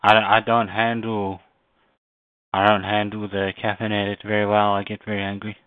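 A man on a community call, asking questions in a hesitant, halting way, often repeating words as he searches for them. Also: fairly low pitch, completely flat delivery, clean tone, no echo. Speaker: caller. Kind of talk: casual chat. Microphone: phone or call line. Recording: tinny phone line, dry.

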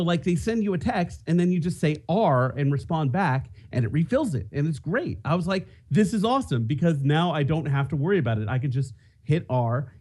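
A man's voice: a little high, a little mellow. A man co-hosting a podcast, telling a rambling story in casual chat with many restarts. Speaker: podcast co-host.

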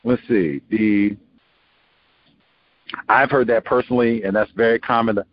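Steady in tone and a little slow, a man with a fairly low voice hosts a call-in radio talk show, rambling through his musings and breaking into quoted voices with small laughs. The broadcast sounds muffled, with faint noise.

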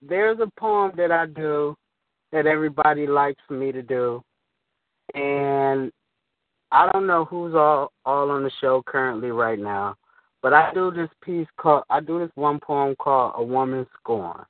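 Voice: mid-range voice, unhurried, no echo. An emotional, giggling caller who rambles cheerfully on a call-in show over the phone. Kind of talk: casual call-in chat. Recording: phone line.

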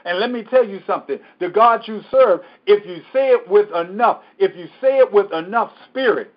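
A man's voice: high-pitched, moderate pace, few pauses, highs cut off. A man teaching a Bible study as pastor, preaching emphatically and repeating scripture.

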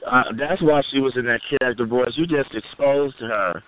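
A man hosting a call-in show, trading crude taunts and repeating insults loudly. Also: mid-range voice, normal speed, dry recording. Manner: loud, taunting, repetitive insults. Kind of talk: crude trash-talking call-in banter. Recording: phone-like lo-fi line, dry.

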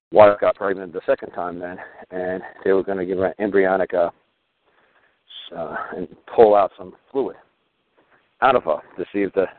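Low-voiced, profane New storyteller. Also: male voice, no room sound. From New York. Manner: profane, rambling, many fillers and restarts. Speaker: podcast host. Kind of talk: casual storytelling monologue. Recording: tinny phone-like sound.

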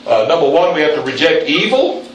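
A man preaching a sermon in a church, calling on the congregation for responses and jumping up in pitch for emphasis. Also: sing-song, brisk, a little hiss or hum. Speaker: pastor. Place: church sanctuary. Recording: very echoey room, mic at a distance.

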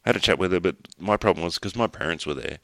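Very deep-voiced Australian man telling a story. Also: a bit bright, no echo. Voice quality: rambling, talks in halting restarts, swears casually. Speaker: podcast host. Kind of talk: casual chat, storytelling.

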